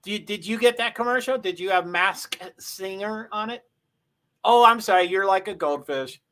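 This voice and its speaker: A man hosting a casual livestream, rambling through race positions with frequent throat clearing and self-interruptions. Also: sits high, moderate pace, pushed and bright. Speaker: livestream host. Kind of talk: casual live race commentary.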